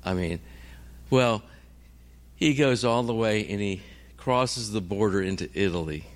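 A man's voice: lowish voice, expressive, measured pace. A middle-aged man, a missionary preacher, telling a story in a sermon and acting out every voice in it.

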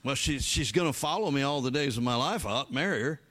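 A man preaching a sermon, telling a story with animated emphasis and halting restarts. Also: medium pitch. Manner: halting restarts and repeated words. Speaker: pastor.

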